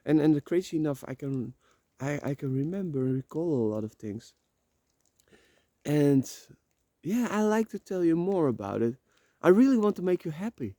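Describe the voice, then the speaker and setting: Guy vlogging from a room, rambly and swears a lot, stutters over words, warm mellow voice, dry sound. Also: fairly high pitch, big pitch swings, moderate pace, dry recording. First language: Dutch. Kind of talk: emotional personal vlog monologue. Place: rented room.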